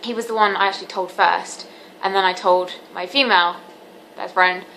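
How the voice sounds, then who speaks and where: A teenage girl speaks earnestly to her camera, confiding in a halting way with plenty of ums. Her voice sits at an ordinary mid pitch. A faint hiss of background noise runs underneath. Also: fairly even intonation, fairly bright tone, low-quality recording. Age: teens. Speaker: vlogger. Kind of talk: candid personal vlog.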